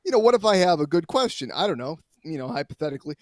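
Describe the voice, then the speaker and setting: Slightly high-voiced rambling male storyteller. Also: rapid-fire, no room sound, studio quality. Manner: rambling, animated storyteller with many fillers and restarts. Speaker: sports reporter calling in as a guest. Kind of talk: casual sports talk, storytelling.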